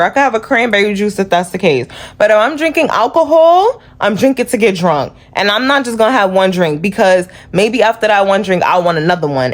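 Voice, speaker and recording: A woman from New York City with a New York accent, talking casually to camera in a vlog, chatty and earnest, with many fillers. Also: mid-range voice. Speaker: vlogger.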